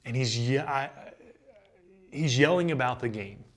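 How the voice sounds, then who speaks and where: Brief: young male ballplayer, mid-pitch voice, lively storyteller who laughs as he goes. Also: unhurried. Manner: animated, laughing anecdote teller. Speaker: baseball pitcher, guest. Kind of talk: casual storytelling in an interview.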